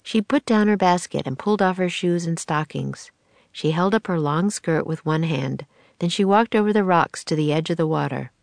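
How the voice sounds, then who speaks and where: Brief: woman with a lower voice, measured expressive storybook narration, dry close recording. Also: gravelly, no echo. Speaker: audiobook narrator.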